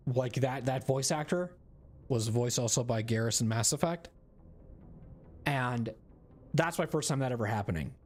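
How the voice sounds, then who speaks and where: Rambling, chatty male gamer. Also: medium pitch. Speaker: streamer. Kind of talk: casual gaming commentary.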